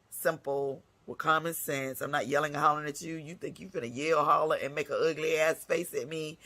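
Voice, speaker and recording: A woman's voice: lowish voice, a bit bright. A woman hosting her own segment, delivering a blunt, scolding rant full of cursing. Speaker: segment host. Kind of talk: profane ranting monologue.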